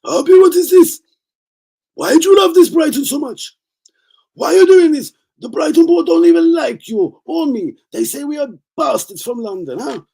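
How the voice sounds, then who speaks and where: Loud, high, scolding man. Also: lively intonation, moderate pace, vocal fry, heavily acted. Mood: exasperated. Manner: shouting, scolding.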